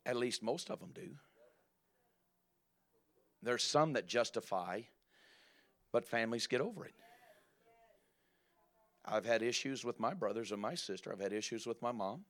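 A preacher delivering a church sermon in an emphatic voice that builds to loud, rising exclamations. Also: male voice, medium pitch, lively intonation, a little slow, pauses often.

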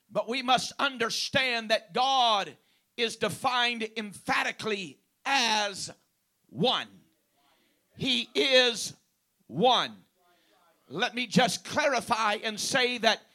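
A man's voice: very high voice, pushed and bright. A man preaching a sermon, stressing key words by drawing them out and punctuating his points with praise and amens.

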